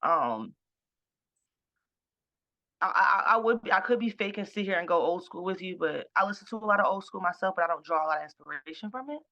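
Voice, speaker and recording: A woman musician chatting casually in an interview, animated and jokey, often restarting her sentences. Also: on the low side, a little fast, lo-fi sound. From Boston. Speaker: musician guest.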